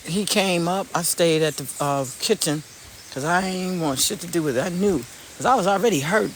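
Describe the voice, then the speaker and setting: A vlogger chatting casually on a live stream from an outdoor garden, telling stories bluntly with swearing and excited exclamations. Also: medium pitch, normal speed, slight background noise. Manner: animated, blunt storytelling with swearing; excited exclamations while looking at plants. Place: outdoors in a garden among fruit trees.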